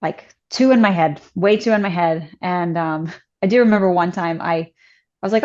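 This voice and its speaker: A woman's voice: on the low side, moderate pace. Chatty woman with a dull, lo-fi sound. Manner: chatty, many "like" fillers, lively acted-out quotes. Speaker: podcast guest. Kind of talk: casual personal storytelling.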